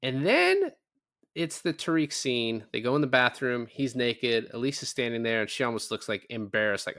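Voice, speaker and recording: A man co-hosting a podcast gives a casual movie recap, voicing quoted lines and swearing without restraint. His voice is medium-pitched, expressive and fairly bright, at normal speed. The recording is dry and studio quality.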